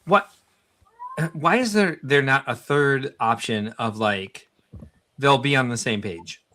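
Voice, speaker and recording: A man's voice: mid-range voice, slow pace, bright, forceful tone. A man co-hosting a podcast, reacting with incredulous, laughing protests. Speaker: podcast co-host. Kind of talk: casual podcast banter.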